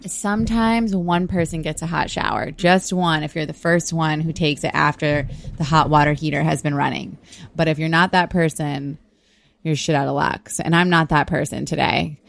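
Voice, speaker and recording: Deep-voiced blunt woman co-host. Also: steady tone, normal speed, vocal fry. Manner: candid, blunt, self-deprecating. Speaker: podcast co-host. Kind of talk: casual chat. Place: on a sailboat. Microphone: podcast mic.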